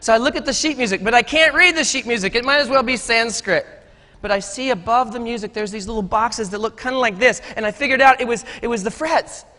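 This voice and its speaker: A man's voice: extremely high pitch, quick pace, bright, forceful tone. A middle-aged man giving a conference talk, telling folksy, joking stories about teaching and growing up. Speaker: conference speaker. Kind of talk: storytelling keynote talk. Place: conference stage. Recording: echoey hall.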